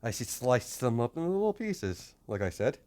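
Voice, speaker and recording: A man's voice: medium pitch, sing-song, moderate pace, darkish tone. A man improvising a fan story narration, rambling and hesitant with many restarts.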